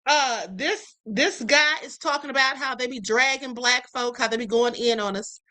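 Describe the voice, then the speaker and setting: High, bright-voiced woman livestream host. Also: moderate pace. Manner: outspoken, reads viewer comments aloud. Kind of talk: casual commentary on video clips.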